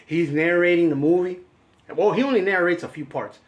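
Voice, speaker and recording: A man's voice: high voice, fairly quick, lo-fi sound. A man co-hosting a casual movie chat, rambling and acting out scenes in raised voices. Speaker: podcast co-host.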